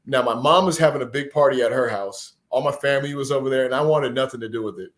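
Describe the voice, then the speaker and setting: A man's voice: mid-range voice, quick pace. Earnest storytelling man from Texas. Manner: animated, earnest, emotional storyteller. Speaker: podcast guest, former pro football player. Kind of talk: conversational storytelling.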